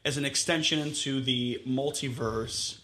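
A man's voice: medium pitch, fairly even intonation, measured pace, bright, forceful tone, slight background noise. A man co-hosting a podcast in a basement, bantering playfully with his guests. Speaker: podcast co-host. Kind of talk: casual chat.

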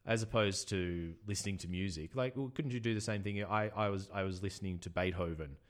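A man's voice: deep voice, brisk. A man from Australia, co-hosting a book podcast as a bookshop owner, talking casually and posing questions with many fillers. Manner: questioning, debating, hesitant with fillers. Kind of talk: casual chat.

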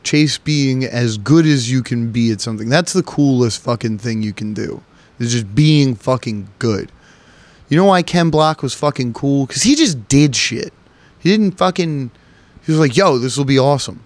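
A man's voice: mid-range voice, expressive, moderate pace, a little mellow, dry recording. A man hosting a solo podcast, talking in a profane, rambling and joking way. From United States. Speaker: podcast host. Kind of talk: casual solo podcast monologue.

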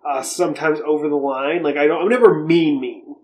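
A man's voice: a little high, fairly even intonation, a little fast, darkish tone, poor audio. A man co-hosting a podcast, telling stories in casual chat with a joking, sarcastic edge and frequent swearing. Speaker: podcast co-host.

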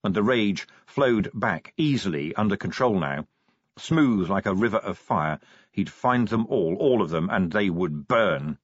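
Husky low-voiced male audiobook narrator. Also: no room sound. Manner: wry, dramatic storytelling. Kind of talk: scripted narration. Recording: slightly dull dry studio recording.

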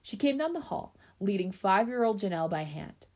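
A woman reading a story aloud in a relaxed way, breaking off now and then for chatty asides. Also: medium pitch, brisk, highs cut off.

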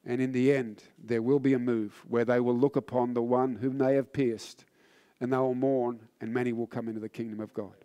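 A tired man preaching a sermon, telling a personal story with rising fervor and then turning low and solemn. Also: little pitch movement, brisk, warm tone, clean tone. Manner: earnest, builds in intensity then drops low and solemn.

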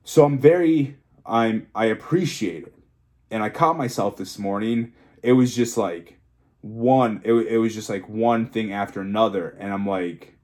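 A man's voice: medium pitch, moderate pace, a little mellow. A young man talking frankly and emotionally in a solo vlog, rambling, restarting and swearing freely as a fitness coach. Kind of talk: candid solo vlog monologue.

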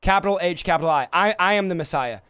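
Man, preacher, livestream sermon, high-pitched, smooth resonant voice, impassioned. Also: expressive, fast talker, dry recording. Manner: impassioned, swinging between soft and loud.

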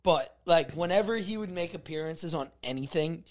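A man with a somewhat high voice co-hosting a podcast. He talks bluntly and casually. He swears freely. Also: normal speed. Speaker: podcast co-host. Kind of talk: casual chat.

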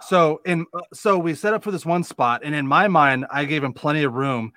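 A man's voice: fairly high pitch, normal speed, bright, forceful tone, no room sound. A man, a wrestler, telling stories in a rowdy casual chat and swearing freely. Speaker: guest, wrestler. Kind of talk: casual storytelling.

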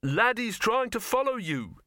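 A man's voice: very high-pitched, very animated, a little slow, sharp tone, dry recording, studio quality, pitched above the performer's own voice, exaggerated voice. A man as an earnest young hero. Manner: reassuring, earnest. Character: earnest young man, trying to stay brave.

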